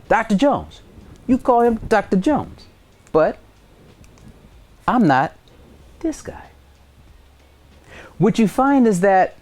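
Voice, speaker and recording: A middle-aged man teaching a high school science lesson on TV in a casual, joking, conversational way. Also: darkish tone. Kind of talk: televised classroom lesson.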